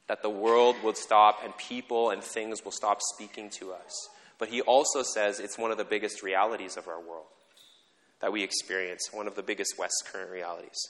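A man's voice: lowish voice, a bit bright. A man giving a conversational sermon as pastor, earnest and reflective, explaining ideas step by step. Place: church sanctuary. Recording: long reverb of a church hall.

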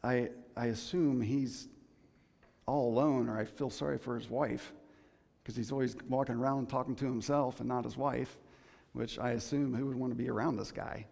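A man's voice: mid-range voice, steady tone, normal speed, vocal fry, darkish tone, in a large hall. A man preaching a sermon in a conversational, joking way, with many restarts.

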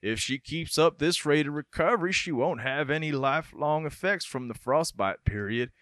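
A man's voice: fairly high pitch, animated, moderate pace, fairly bright tone, no room sound, pitched above the performer's own voice. A man doing a drawling Southern country doctor. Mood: amazed. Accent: put-on Southern US. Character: rural male small-town doctor, amazed.

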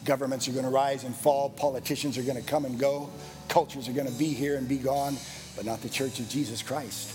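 Pastor guy preaching, keeps repeating lines and gets louder, music behind him. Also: medium pitch, fairly even intonation, a little fast. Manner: rising to loud exhortation, repeating phrases. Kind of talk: sermon.

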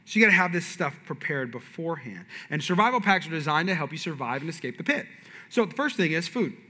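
A man preaching a sermon, animated and shifting from loud punches to hushed asides. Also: fairly high pitch, quick pace. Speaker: pastor. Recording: reverberant hall.

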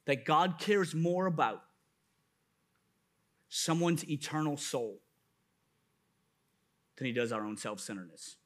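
A man's voice: fairly high pitch, slow, long pauses. A man preaching a sermon as a pastor, building with emphatic, repeated questions. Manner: impassioned preaching with rising emphatic repetition.

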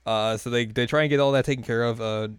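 A man casually recapping an anime episode in a loose, rambling way, with lots of fillers and quick quoted lines. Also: medium pitch, steady tone, clear, resonant tone, no echo, studio quality. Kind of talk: casual chat.

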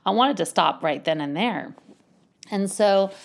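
A woman's voice: medium pitch, animated, measured pace, vocal fry. A woman who works with children, telling a story casually and animatedly, acting out voices and laughing often.

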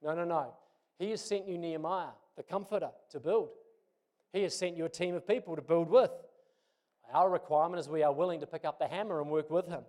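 A middle-aged pastor delivers a sermon built around a personal story. His voice sits a little high for a man, and he talks in a relaxed, conversational way with touches of self-deprecating humor. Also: a little fast.

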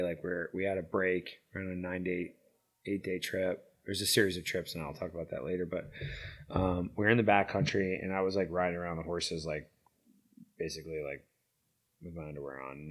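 A middle-aged man with a deep, low voice tells a story as an interview guest. His talk is loose and rambling, packed with fillers. He gets loud and animated, then drops to a hushed near-whisper. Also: fast talker. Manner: rambling, filler-heavy, loudness swings from lively to hushed. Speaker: interview guest, founder of a veterans' horse program. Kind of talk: casual storytelling.

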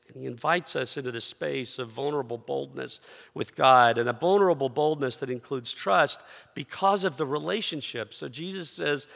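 Delivering a sermon, this middle-aged pastor shares a personal story in a conversational manner, asking rhetorical questions along the way. He speaks at medium pitch with vocal fry and a fairly bright tone, recorded with a large hall's long reverb.

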